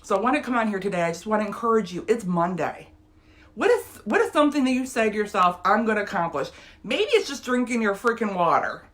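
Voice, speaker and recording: A woman's voice: medium pitch, animated, fast talker, fairly bright tone. A woman, giving an emotional, earnest motivational talk straight to her viewers. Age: 50s. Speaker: motivational vlogger.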